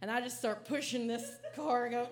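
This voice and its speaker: A woman stand-up comedian, telling a story on a comedy club stage with lively, frantic acted-out panic. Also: a little high, a little fast, very noisy. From American South. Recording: audible live crowd ambience.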